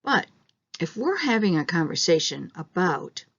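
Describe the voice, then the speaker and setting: A woman teaching an English pronunciation lesson, explaining slowly and modeling example questions aloud. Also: fairly low pitch, very animated, fairly bright tone, breathy edge, highs cut off.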